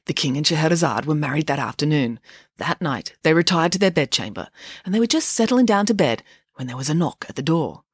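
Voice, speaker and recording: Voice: mid-range voice, animated, a little fast, slightly rough, dry recording, studio quality. A narrator reading a comic story aloud in a playful way, full of asides.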